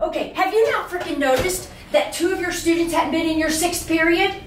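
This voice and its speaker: A woman acting an exasperated school staffer in an amateur skit, scolding loudly. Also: very high-pitched, a little fast, slight background noise. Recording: echoey room, mic at a distance.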